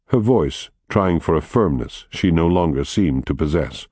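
A man reading a novel aloud as an audiobook narrator, in a measured, even storytelling manner. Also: extremely low pitch, breathy edge, no room sound, studio quality. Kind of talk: scripted narration.

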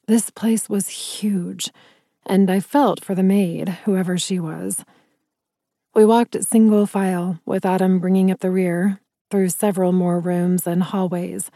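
A woman narrating a first-person fantasy audiobook in a measured, wry storytelling manner. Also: medium pitch, dark tone, no echo, clean studio sound.

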